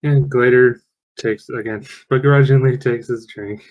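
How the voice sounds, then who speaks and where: A man's voice: mid-range voice, fairly even intonation, measured pace, muffled recording. A man playing a tabletop game over online voice chat, casually describing his character's actions in third person. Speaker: player.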